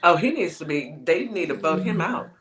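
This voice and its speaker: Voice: medium pitch, lively intonation, moderate pace, crowd noise. A podcast co-host in casual chat, reacting with lots of questions.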